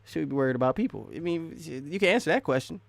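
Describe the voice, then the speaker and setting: A man's voice: on the high side, animated, fast, creaky, no echo. Rambling man hosting a live stream. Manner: rambling, restarts often, laughs between thoughts. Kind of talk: casual live stream chat.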